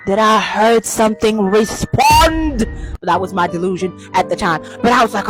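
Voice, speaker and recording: A woman telling a childhood story in a storytime vlog, animated, profane and self-mocking, with dramatic switches into acted quotes. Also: medium pitch, normal speed, soft background music.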